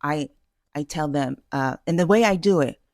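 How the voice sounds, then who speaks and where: A woman's voice: sits low, moderate pace, a little mellow, no echo, studio quality. Self-assured woman giving chatty advice. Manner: chatty and self-assured, emphatic, full of fillers and restarts. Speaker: vlogger giving dating advice. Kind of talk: casual talking-head advice.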